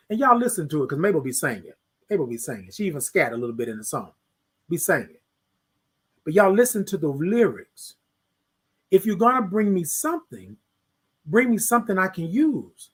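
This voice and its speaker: A man's voice: sits high, breathy edge. A man hosting a motivational morning livestream, preaching to his viewers as y'all and repeating his phrases. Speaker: host.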